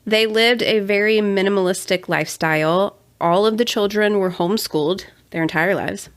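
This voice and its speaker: A woman's voice: mid-range voice, normal speed. A young adult woman co-hosting a casual true-crime podcast, chatty with sarcastic asides. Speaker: podcast co-host.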